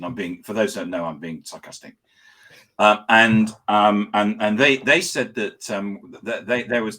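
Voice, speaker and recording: Low-voiced guy hosting an interview, lots of ums and restarts, dry sarcastic bits. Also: a bit bright. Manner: hesitant, many fillers and restarts, dry sarcasm. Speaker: host. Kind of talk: casual interview chat.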